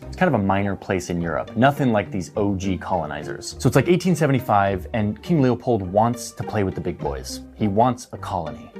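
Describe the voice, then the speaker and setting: A man's voice: on the low side, darkish tone. A man narrating a history explainer in a loose, conversational voice. His slangy delivery is full of filler "likes" and asides. A guitar music bed runs underneath. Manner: casual, slangy, uses "like" often. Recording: guitar music playing behind.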